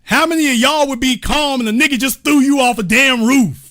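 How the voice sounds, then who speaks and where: Speaking briskly at an extremely high pitch, this man hosts a show and jokes his way casually through commentary on a video. He addresses viewers straight on as y'all, in an animated manner.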